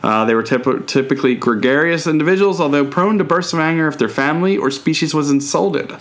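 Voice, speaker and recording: A man's voice: fairly high pitch, fairly quick, a bit bright. A man co-hosting a loose podcast conversation. He jokes easily, leans on ums and uhs, and slips into reading facts aloud in an easygoing way. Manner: laid-back, joking, frequent fillers. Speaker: podcast co-host.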